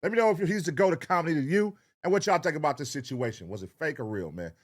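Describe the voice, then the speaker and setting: Animated profane man reacting. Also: on the high side, fast talker. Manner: profane, animated, slangy riffing. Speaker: reaction channel host. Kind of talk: casual reaction commentary.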